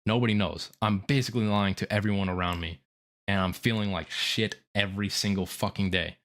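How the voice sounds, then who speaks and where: A young man streaming a remorseful confession, halting and profane, full of "like" fillers. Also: fairly low pitch, steady tone, a bit bright. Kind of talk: confessional livestream monologue.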